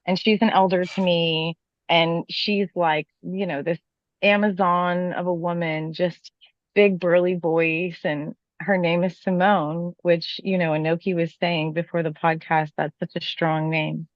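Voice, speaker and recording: A woman in casual chat, telling a story with animated delivery and casual swearing. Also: lowish voice, unhurried, no room sound, lo-fi sound. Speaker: podcast co-host telling a work story.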